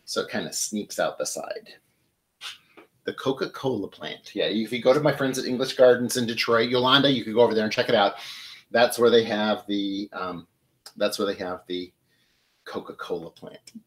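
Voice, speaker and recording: A man's voice: fairly low pitch, moderate pace, low-quality recording. Chatty man arranging flowers live. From Michigan. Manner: chatty, animated, talks to viewers while arranging flowers. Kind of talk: casual live demonstration.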